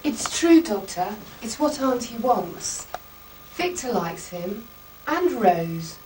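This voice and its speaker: An actress playing an earnest young woman speaking softly and pleadingly. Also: on the high side, sing-song, takes it slowly, slight background noise. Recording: roomy, distant VHS audio.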